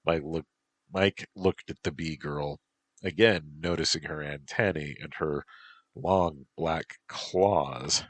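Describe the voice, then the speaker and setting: A man calmly narrating a story as an audiobook. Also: rumbling low, slow pace, no room sound.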